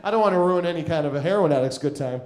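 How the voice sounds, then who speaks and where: A man's voice: on the high side, rapid-fire, a little mellow. Rambling stand-up man, echoey stage. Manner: rambling, filler-heavy, acts out quotes. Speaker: stand-up comedian. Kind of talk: stand-up storytelling. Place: comedy club stage.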